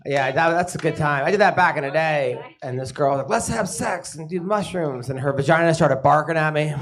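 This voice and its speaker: A man's voice: on the high side, fairly even intonation, quick pace, fairly bright tone. A man hosting a comedy show, cracking crude jokes and introducing comics to the crowd. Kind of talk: stand-up hosting.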